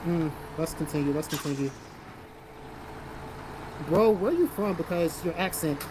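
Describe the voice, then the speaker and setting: South carolina guy streaming, reads chat out loud and swears a lot, blunt, kinda noisy mic with cars going by. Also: a little high, measured pace. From South Carolina, American South. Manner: blunt, profane, reads viewer comments aloud. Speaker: livestream host reading chat. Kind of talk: casual livestream chat.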